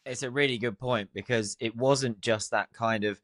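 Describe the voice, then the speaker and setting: A man hosts a chat podcast at a middle pitch, lively and quick to laugh. His voice sounds close and dry, with no room around it. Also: no room sound. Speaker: podcast host. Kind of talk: casual chat.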